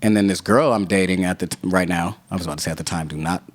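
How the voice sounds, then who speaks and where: A man's voice: low-pitched, very fast. A man, a rapper guest on a podcast, telling a long profane story in casual talk and acting out other people's lines.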